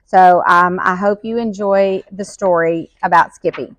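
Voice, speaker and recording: A woman school librarian reading a children's picture book aloud in a lively, expressive way. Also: on the low side, measured pace.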